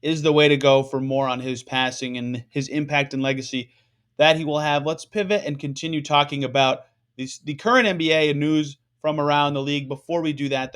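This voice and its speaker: A man's voice: on the high side, fairly even intonation, fairly quick, a bit bright. A man hosting a sports podcast, talking conversationally with frequent fillers. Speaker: podcast host. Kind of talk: casual sports podcast discussion.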